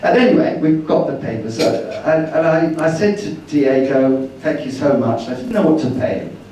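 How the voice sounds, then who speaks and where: A man's voice: a little high, expressive, normal speed, warm tone, a little hiss or hum. A man giving a chatty, rambling slide-show talk about his travels, acting out the dialogue he quotes. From Britain. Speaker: speaker at a travel meeting. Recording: roomy hall, distant mic.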